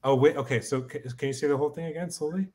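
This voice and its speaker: A man learning in a casual chat, halting as he guesses meanings aloud and asks for phrases to be repeated. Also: a little high, a little mellow. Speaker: co-host and learner.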